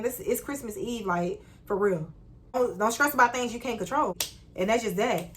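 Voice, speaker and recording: A young woman telling a storytime to her viewers in a casual, animated, slangy way. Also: mid-range voice, brisk. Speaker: vlogger.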